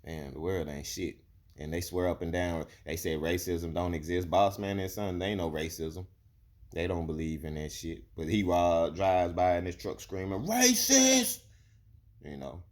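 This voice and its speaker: A man's voice: deep voice, steady tone, normal speed, darkish tone. A young man from Alabama, delivering a blunt, profane, heated rant to camera. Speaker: vlogger. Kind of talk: ranting monologue.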